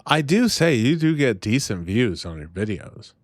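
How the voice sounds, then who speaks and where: A man's voice: mid-range voice, sing-song, moderate pace, dry recording. A man hosting a casual livestream chat, offhand and laid-back, with some swearing. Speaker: streamer host.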